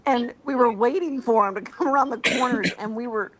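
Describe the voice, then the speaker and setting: A woman's voice: on the high side, normal speed, fairly bright tone. A middle-aged woman hosting a casual chat, telling stories and laughing often as she talks. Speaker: stream host.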